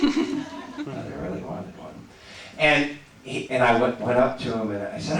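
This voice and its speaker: A man, an actor, telling animated stories and answering audience questions on a panel, repeating words and laughing often. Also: fairly low pitch, slow, slight background noise. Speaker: actor as convention panel guest. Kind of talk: anecdotes and audience Q&A. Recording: echoey hall from far off.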